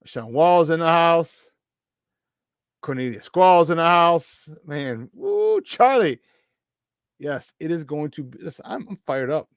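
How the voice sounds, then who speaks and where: A man hosting a morning sports talk show, hyped and shouting out listeners by name. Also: on the high side, a little slow, clean tone, no echo, studio quality. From Chicago area. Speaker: sports radio host.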